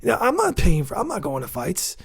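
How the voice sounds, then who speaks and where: This boxing show host speaks at a medium pitch that swings wildly, a little fast, creaky and slightly rough. He gives heated, opinionated commentary, ranting and repeating insults for emphasis. Between outbursts he skims an article and reads it aloud.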